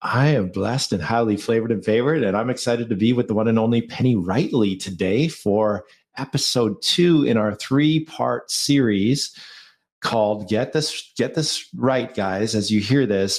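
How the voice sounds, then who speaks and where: Male podcast co-host, low register, upbeat coaching tone, loves wordplay. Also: normal speed. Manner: playful, fond of alliteration, motivational. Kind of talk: podcast conversation.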